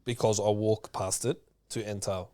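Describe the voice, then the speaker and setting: A man's voice: fairly low pitch, fairly even intonation, moderate pace, dark tone. A young man in casual chat, teasing and bantering with friends. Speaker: podcast co-host.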